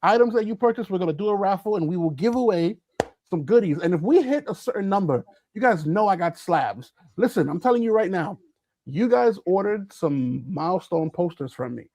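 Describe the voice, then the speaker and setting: Male co-host, high-pitched, fired-up and emphatic, dry close sound. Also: expressive, brisk, warm tone, no room sound. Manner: passionate, ranty, emphatic. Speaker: podcast co-host. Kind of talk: casual chat.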